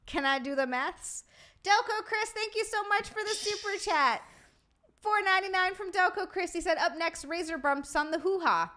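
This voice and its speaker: A woman hosting a casual comedy livestream, excitable and swearing as she reads super chats aloud and laughs a lot. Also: very high voice, moderate pace. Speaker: streamer and podcast host.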